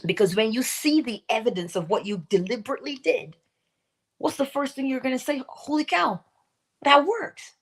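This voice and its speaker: Animated woman giving a motivational talk. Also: on the high side, brisk. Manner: asks rhetorical questions and acts out quoted voices; drops to a whisper at times. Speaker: host of a morning inspiration stream.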